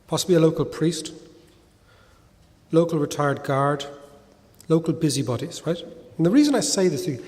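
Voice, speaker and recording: A middle-aged man with a Dublin Irish accent, speaking to an audience in a lively, conversational way, peppering points with "right?". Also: a little high, moderate pace, long pauses. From Ireland. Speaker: guest speaker. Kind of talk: talk with audience Q&A. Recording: hall reverb.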